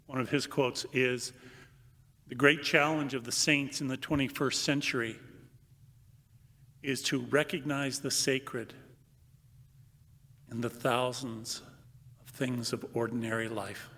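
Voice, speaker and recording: An older male priest giving a homily, slow and reflective with long pauses, and reading aloud with lively comic emphasis. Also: mid-range voice. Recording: long reverb of a large hall.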